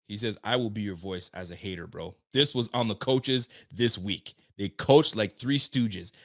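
A young male livestream host gives an animated sports rant, frustrated and cursing freely, sometimes putting on players' voices. His voice is medium in pitch and a bit bright.

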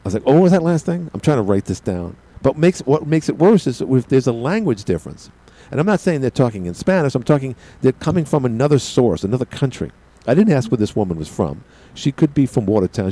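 Brooklyn-accented male talk host, mellow voice that swings up and down, digressive and self-mocking. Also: medium pitch, very animated, fast talker, poor audio. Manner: chatty, digressive, self-deprecating. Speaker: radio show host. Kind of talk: rambling monologue.

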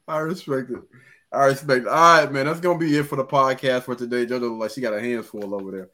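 A relaxed man hosting a podcast, with a voice set squarely in the middle of the male range. He talks in easy, loose sentences and laughs often with his co-hosts. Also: mid-range voice. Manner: laid-back, laughs often, drawn-out sign-off. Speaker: podcast host. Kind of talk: casual podcast chat.

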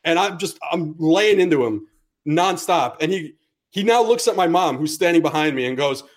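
A man's voice: on the high side, animated, moderate pace. A young man from the United States telling a long story on a casual podcast, cursing freely and acting out every line of dialogue. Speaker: podcast co-host.

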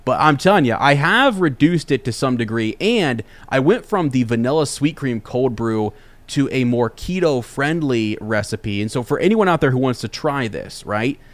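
A young man hosting a podcast, telling a casual story in an animated, rambling way with many restarts. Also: medium pitch, normal speed, no room sound. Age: young adult. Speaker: podcast host.

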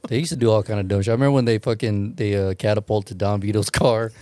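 A man's voice: fairly low pitch, fairly even intonation, fast, warm tone, no room sound. A man telling stories in casual podcast chat, swearing freely and laughing as he talks.

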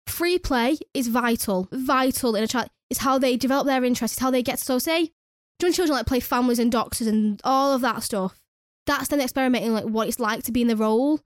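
A woman's voice: high-pitched, no echo, clean studio sound. A young woman who works at a nursery, telling a story in casual chat with lots of swearing and exasperated ranting. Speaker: nursery worker.

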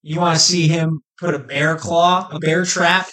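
A man co-hosting a casual fan podcast, talking with excited, animated energy. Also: on the high side, unhurried. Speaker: podcast co-host. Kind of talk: casual chat.

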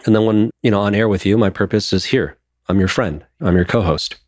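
This podcast co-host, a man in his thirties with a lowish voice, talks briskly in a casual, open and emotional way, swearing now and then. The sound is dry, with studio quality.

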